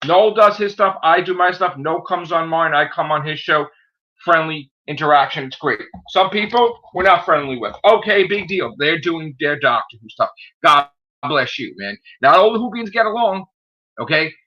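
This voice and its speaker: A man ranting angrily on his own live stream, swearing nonstop and tagging "okay?" onto his points. His voice sits a little high for a man. The audio is dull and lo-fi, like a cheap stream. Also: lively intonation, normal speed. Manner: heated, swearing, repeats "okay?" often. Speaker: channel host. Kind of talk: angry live-stream rant.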